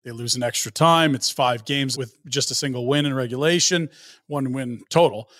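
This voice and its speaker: A man's voice: mid-range voice, normal speed, a bit bright, no room sound, clean studio sound. A man hosting a casual sports podcast, laying out stats and context in an analytical way. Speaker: podcast host.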